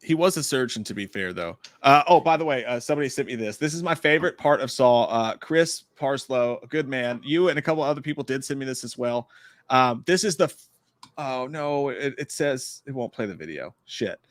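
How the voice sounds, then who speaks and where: A man's voice: medium pitch, expressive, brisk, dry recording, studio quality. A man co-hosting a casual live movie stream, laid-back and laughing often as he reads viewer messages. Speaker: podcast co-host.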